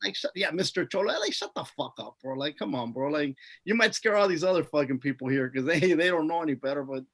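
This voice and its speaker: Man, podcast guest, rambling profane storytelling, slightly high voice. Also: animated, quick pace, fairly bright tone.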